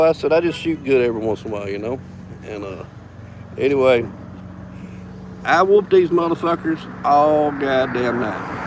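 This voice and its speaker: A man with a drawl tells a rowdy bar story in loose, profane, casual talk, chuckling as he goes. His voice sits at an ordinary middle pitch. Steady traffic and outdoor noise run behind him. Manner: drawling, profane, laughs between lines. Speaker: vlogger telling a story.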